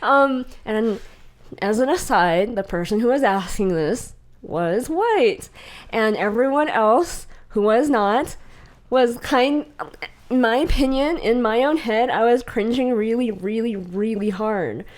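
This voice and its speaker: Woman, young adult, somewhat high voice, giggly, rambling, casual podcast chat. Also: expressive, slow. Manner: giggly, rambling, acts out quoted exchanges. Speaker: podcast co-host.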